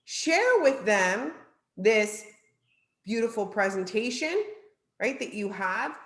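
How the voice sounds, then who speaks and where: A woman's voice: medium pitch, very animated, takes it slowly, a bit bright, echoey room. A woman with a New Jersey accent giving an upbeat, chatty sales training talk, often tagging her points with "right?".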